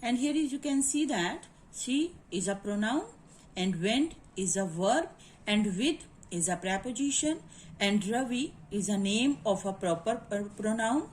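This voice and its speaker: A woman teacher with an Indian English accent explains grammar in a classroom lecture, repeating points and asking "is it clear?" to check that students follow. Her voice is on the high side, animated and a little slow. The recording is rough, with a little hiss or hum.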